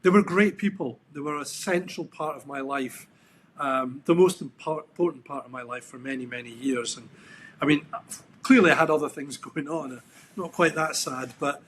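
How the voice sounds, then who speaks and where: At a normal speed, a middle-aged Scottish man chats casually as an interview guest on a podcast, his pitch somewhat higher than most men's. Relaxed and reflective, he drifts through stories with frequent ums and restarts, with slight background noise behind him.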